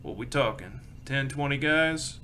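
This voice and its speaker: A man voicing a rough, friendly young cowhand who swears freely and talks shop. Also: mid-range voice, measured pace, bright, forceful tone. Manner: crude, swearing, backslapping.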